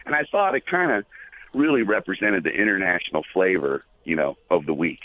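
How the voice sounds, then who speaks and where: Guest on a phone line; low, rambling male storyteller. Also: animated, brisk, slight background noise. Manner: rambling, many fillers. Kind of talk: casual storytelling.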